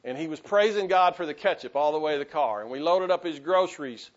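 A man's voice: on the high side, fast talker, lo-fi sound. A man, a pastor delivering an impassioned sermon full of restarts and calls to the congregation. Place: church sanctuary.

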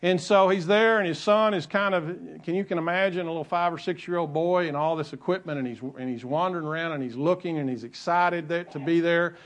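A man's voice: on the high side, fairly quick, hardly any pauses. A male pastor preaching a sermon in a conversational way, repeating key phrases and adding light asides.

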